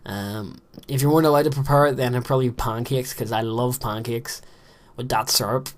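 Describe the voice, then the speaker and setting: A man's voice: medium pitch, steady tone, a little fast, a little hiss or hum. A man in his late teens gives rambling, self-deprecating commentary while playing a game, recorded in a small closet room. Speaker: gaming commentator. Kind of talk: casual gameplay commentary.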